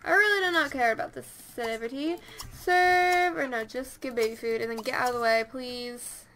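A woman giving casual let's-play commentary, chatty and easily excited, talking straight to her game characters. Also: high voice, moderate pace, a little hiss or hum. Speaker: gameplay commentator.

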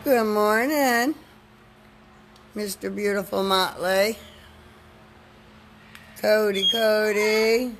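A woman hosting a live video outdoors on a farm, talking slowly and coaxingly to her animals. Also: mid-range voice, fairly even intonation, slight background noise. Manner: slow, coaxing talk to animals. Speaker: farm host.

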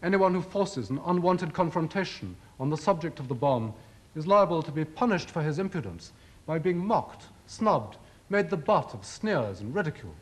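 Animated man giving a lecture. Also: on the high side. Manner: measured, rhetorical, ironic emphasis. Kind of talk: formal televised lecture.

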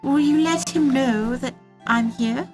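A woman's voice: sits high, a little slow, darkish tone, faint music behind, voice pushed up. A woman voicing a polite, grateful young woman in a tabletop game, courteous and eager. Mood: earnest.

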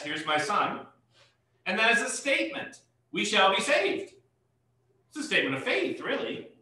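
A man's voice: fairly high pitch, sharp tone. A man pastor leading a Bible study, explaining verses patiently and lifting his voice on key points. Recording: echoey room, mic far off.

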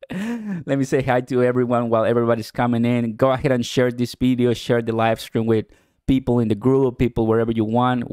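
A man hosting a casual live stream about cryptocurrency from home in the morning, excitable and chatty, laughing often and talking straight to his viewers. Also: mid-range voice, smooth, no echo, studio quality. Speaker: crypto livestream host.

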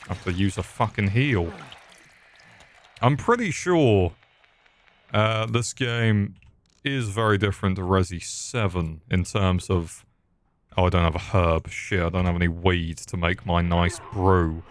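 A man's voice: deep voice, measured pace, slight background noise. A young man doing comedic let's play commentary, sarcastic and swearing, cracking jokes at the game's characters. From England. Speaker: gaming youtuber.

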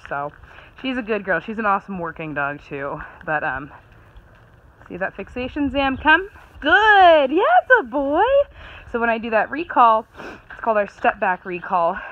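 A woman training her dog outdoors, chatting with a laugh between her explanations and breaking off for bright, quick commands and praise. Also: mid-range voice, narrow, tinny audio. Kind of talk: casual training vlog commentary.

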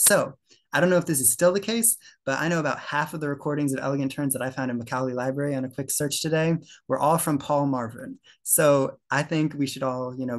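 A young man giving a casual slide presentation to a birding club, talking loosely with fillers and self-corrections. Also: medium pitch.

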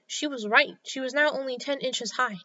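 A woman storyteller reading a children's story aloud in a clear, expressive way. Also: sits high, normal speed. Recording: slightly dull lo-fi sound.

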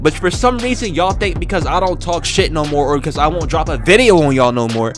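A young man trash-talks a rival in a boastful, profane YouTube rant. His fairly high voice swings up and down with animated energy, over faint music in the background. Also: fairly quick. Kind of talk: trash-talking diss rant.

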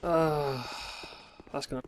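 A man's voice: a little high, fairly even intonation, slow, a little hiss or hum. British man swearing through game commentary. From Britain. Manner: swearing, exasperated running commentary with sudden outbursts. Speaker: gaming YouTuber. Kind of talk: let's play commentary.

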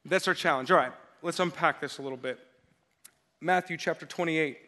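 Male pastor, sermon. High voice with a sharp, forceful edge. Energetic and emphatic, drives call-and-response with the congregation. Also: brisk. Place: church service.

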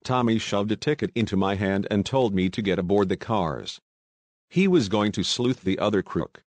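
A man's voice: on the low side, expressive, a little mellow, dry recording. Man voicing Julius, a slangy American talker. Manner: slangy, talkative, hurried storytelling. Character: brash young American man, slangy and excitable.

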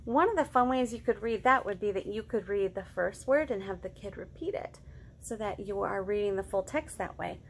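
A woman in her thirties leading a children's storytime, reading picture books aloud, singing farm songs and making animal sounds in an animated, sing-song way. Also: mid-range voice, normal speed, a little hiss or hum.

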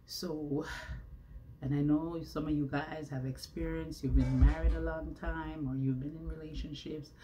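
This vlogger addresses her audience from indoors at home in a relaxed monologue, preaching a little and asking rhetorical questions. She faces a camera with a ring light, speaking in a low-pitched, steady voice at a moderate pace.

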